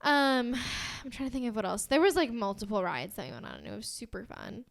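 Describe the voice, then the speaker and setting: A woman's voice: on the high side, big pitch swings, brisk, vocal fry. A young woman with an American accent, co-hosting a podcast in bubbly casual chat, full of "like" and giggles. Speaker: podcast co-host.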